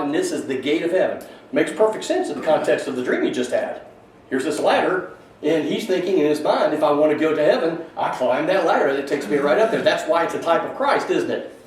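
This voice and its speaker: A man teaching a conversational Bible class in a church classroom, thinking aloud and putting questions to the class. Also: fairly high pitch. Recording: very echoey room, mic far off, faint hiss.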